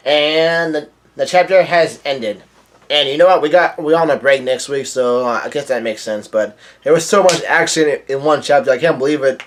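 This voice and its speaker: A man reading a comic chapter aloud with casual commentary, reading the dialogue in a plain, offhand voice. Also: medium pitch. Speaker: manga chapter reader.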